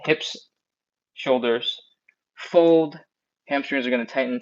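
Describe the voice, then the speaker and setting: A man's voice: mid-range voice, lively intonation, dull audio. A man leading a live stretching class, chatty and encouraging, a bit out of breath, talking into an earbud mic. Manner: chatty, encouraging, counts down slowly. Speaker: stretching instructor.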